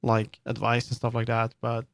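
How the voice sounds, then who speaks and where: A man's voice: mid-range voice, monotone, moderate pace, gravelly, no echo, studio quality. A man with a Swedish accent, streaming and chatting casually as he builds in 3D, rambling with many fillers and restarts. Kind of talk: casual live-stream commentary while working in 3D.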